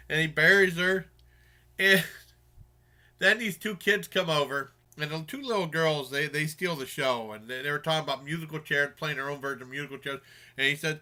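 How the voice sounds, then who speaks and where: Bright, rambling man reviewing a movie. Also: fairly high pitch, moderate pace. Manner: rambling, many fillers and restarts. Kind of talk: casual spoken movie review.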